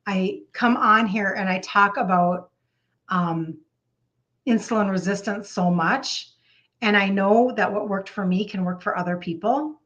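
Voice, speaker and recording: Earnest woman in her fifties, bright voice. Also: medium pitch. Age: 50s. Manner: earnest, halting with restarts and fillers. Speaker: health coach. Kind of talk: live-stream chat.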